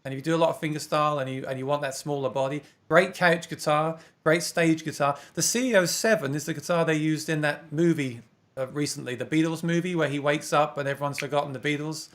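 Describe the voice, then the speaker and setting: An Englishman with an English accent hosts a casual guitar livestream, talking a lot, reading viewer comments aloud and laughing often. His voice sits on the high side, fairly bright, and he speaks quickly.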